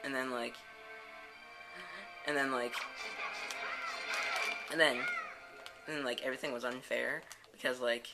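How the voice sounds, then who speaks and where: A woman with an extremely deep voice hosts a let's play, rambling through a story and stringing everything together with "and then, like." Loud game music sits under her the whole time. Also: steady tone, measured pace, vocal fry, long pauses. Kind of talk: rambling storytelling over gameplay.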